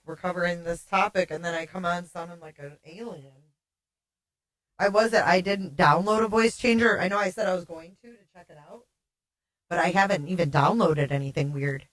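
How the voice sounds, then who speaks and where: A woman with a somewhat low voice hosts a casual livestream and chats easily with her audience, reading their comments aloud. Her sound comes through oddly warbly and echoey. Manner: chatty, reads viewer comments aloud, laughs often. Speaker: livestream host.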